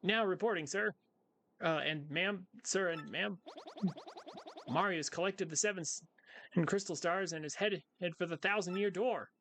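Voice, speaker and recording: A man's voice: high-pitched, moderate pace, sharp tone. A man voicing a flustered winged mushroom soldier who stammers through a formal report, with game music behind.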